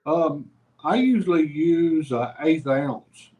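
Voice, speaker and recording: A man's voice: fairly high pitch, slow, darkish tone, rough recording. A man talking as a guest in a casual chat, easygoing and plainspoken.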